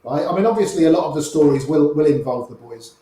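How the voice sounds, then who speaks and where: An older man, an interview guest, telling lively anecdotes and acting out the voices of the people in them. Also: on the high side, fast talker, heavy reverb, low-quality recording. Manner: lively raconteur, acts out quoted voices. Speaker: interview guest, poker player. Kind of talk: anecdotal storytelling.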